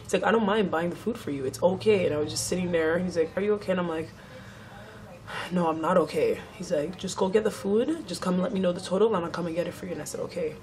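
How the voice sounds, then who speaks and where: A woman's voice: fairly low pitch, rapid-fire, hardly any pauses, a little mellow, slight background noise. A young woman vlogger telling a story in a casual chat, swearing freely and acting out what others said.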